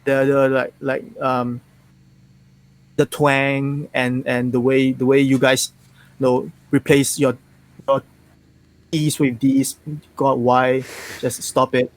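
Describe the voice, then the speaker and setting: A man's voice: medium pitch, takes it slowly, pauses often, dry recording. A young man with a neutral Singaporean English accent, a Mandarin native speaker, talking frankly as a guest actor in a casual interview. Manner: frank, animated, many restarts.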